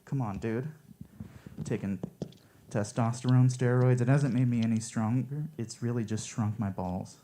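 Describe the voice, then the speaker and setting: A man performing stand-up one-liners at a coffee shop open mic, with a deadpan, offhand delivery. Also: medium pitch, moderate pace, background noise.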